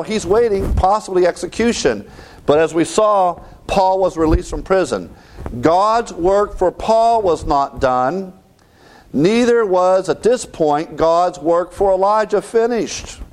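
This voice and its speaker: A man preaching a sermon, reading scripture and swinging between raised lines and hushed ones. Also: a little high.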